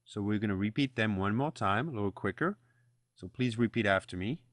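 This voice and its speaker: A man's voice: lowish voice, a little fast, fairly bright tone, no echo, studio quality. A man teaching a French lesson, patiently explaining pronunciation and repeating phrases for the listener to copy. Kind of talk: language lesson with repeat-after-me drills.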